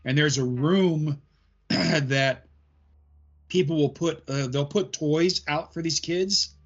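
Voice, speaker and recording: A man's voice: a little high, takes it slowly, dull audio. A man guesting on a podcast as a paranormal investigator, explaining at length with many "um" fillers. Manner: rambling explanations full of "um" fillers. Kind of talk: casual podcast chat.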